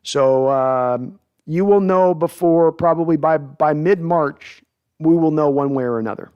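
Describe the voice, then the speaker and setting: A man with a somewhat high-pitched voice hosts a podcast, reading out viewer comments and answering them in a loose, casual way. He rambles, restarting his sentences often. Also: unhurried, smooth, dull audio. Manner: rambling, with frequent restarts and fillers. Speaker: podcast host.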